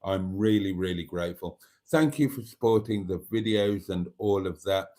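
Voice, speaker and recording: A man hosting his nightly livestream in a casual chat, speaking gently and affectionately and often trailing off quietly. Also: deep voice, moderate pace. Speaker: channel host.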